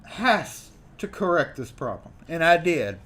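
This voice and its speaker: A man's voice: on the high side, measured pace. A man hosting a live stream, reading old magazine letters aloud with theatrical flair and joking asides. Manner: animated, jokey, theatrical reading. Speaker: host.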